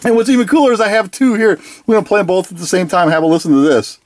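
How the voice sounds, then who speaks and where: A toy reviewer in a casual video review who giggles often, sounds excited, and playfully copies the toys' catchphrases. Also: mid-range voice, very fast, a little hiss or hum. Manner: giggly and enthusiastic, laughs often.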